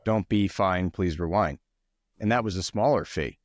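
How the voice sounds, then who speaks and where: A man's voice: low-pitched, moderate pace, no room sound, studio quality. A man on a podcast chatting casually and often agreeing with the others. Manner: agreeable, frequent backchannel remarks. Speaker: podcast co-host. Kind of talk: casual chat.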